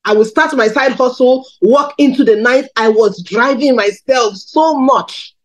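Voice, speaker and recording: Woman, 30s, from Nigeria, preacher, candid storytelling, slightly high voice. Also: measured pace, poor audio. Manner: candid storytelling, animated pitch swings. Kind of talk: sermon testimony.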